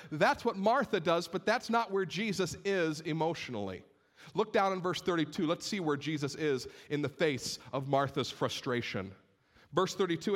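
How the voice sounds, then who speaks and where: A pastor preaching a sermon to his congregation, expressive, moving between raised urgency and hushed gravity. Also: fairly high pitch.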